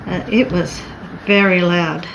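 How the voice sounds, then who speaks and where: A woman's voice: fairly low pitch, steady tone, slow, vocal fry, background noise. A woman artist chatting casually and thinking aloud as she sketches and paints. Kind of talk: casual chat while drawing.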